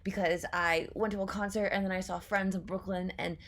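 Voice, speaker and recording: A woman's voice: mid-range voice, steady tone, a little fast, a bit bright. A young woman hosting a casual reaction vlog, gushing and swearing freely, often dropping to a whisper. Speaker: YouTube reaction host.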